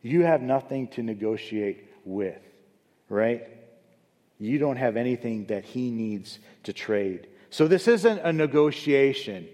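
A man preaching a sermon as pastor. He swings between loud, high emphasis and low, quiet asides. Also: animated, unhurried. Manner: rises loud and high for emphasis, then drops low and soft. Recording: long hall reverb.

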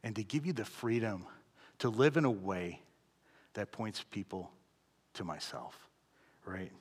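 A man preaching a conversational sermon in a church, often checking in with "right?" and moving between loud emphasis and quiet, low asides. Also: lively intonation, a little slow, long pauses, breathy edge. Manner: conversational, keeps asking "right?". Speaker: pastor.

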